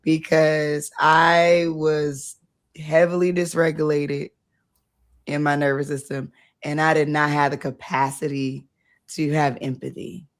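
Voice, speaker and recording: A woman hosting a casual conversation, talking bluntly and in an animated way, acting out the things she says to people. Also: low voice, unhurried. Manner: blunt, animated, acts out her own past self. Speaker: host, founder of the organization.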